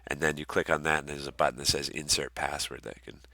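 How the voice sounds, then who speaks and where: A young man with a very low, bright-edged voice, walking students through an online course in a casual, relaxed way full of ums and uhs. He sounds like an instructor talking into a computer mic. The sound is dry and close, with no room echo. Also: quick pace. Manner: relaxed, many ums and uhs, friendly asides. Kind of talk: casual recorded course walkthrough.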